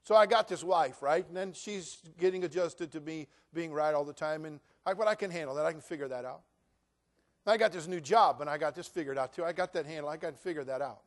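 A man in his sixties, a pastor preaching a sermon, telling humorous stories and then building to loud preaching. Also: fairly high pitch, fast talker.

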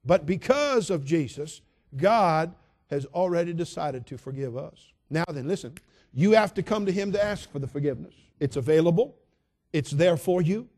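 A male pastor delivering an emphatic, repetitive sermon, dropping soft and then building loud. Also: a little high.

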